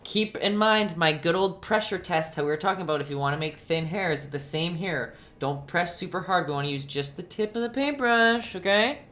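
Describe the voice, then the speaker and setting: A young woman with a low voice leads a casual live-streamed painting lesson. She chats easily with her viewers, calls them by name and laughs a lot between steps. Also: moderate pace, hardly any pauses, fairly bright tone. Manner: chatty, laughs often, talks to viewers by name. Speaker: painting instructor. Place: home painting setup.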